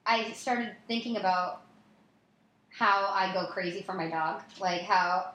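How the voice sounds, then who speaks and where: A woman's voice: mid-range voice, unhurried, fairly bright tone, reverberant, muffled recording. A woman chatting casually, telling a rambling story with lots of fillers and giggles. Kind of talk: casual chat.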